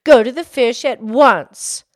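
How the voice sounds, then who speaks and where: A woman's voice: fairly high pitch, slow pace, no echo, studio quality. A woman reading aloud, voicing a greedy, demanding fisherman's wife in an imperious, insistent tone. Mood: domineering.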